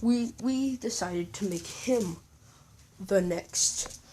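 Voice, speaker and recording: A cheerful old Santa figure with a loud, hearty manner, as a woman reads him out in a storytelling video. The delivery is unhurried and the voice sits at a middling pitch. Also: slight background noise, close to an everyday voice, poor audio. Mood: explaining. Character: jolly old male Santa Claus, cheerful.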